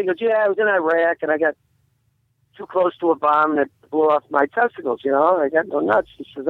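A man with a rather high voice tells a joke as a comedian guest, acting out the voices as he goes. His line sounds muffled and dull, with no room echo around it. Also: a little fast. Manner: animated storyteller who acts out the voices in his joke. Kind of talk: phone interview, telling a joke.

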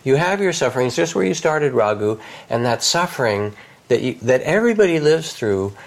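An older man, a meditation teacher, speaking softly and unhurriedly in a guided reflection, lifting his voice warmly on key phrases. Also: medium pitch, very animated, brisk, gravelly. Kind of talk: gentle guided reflection in conversation.

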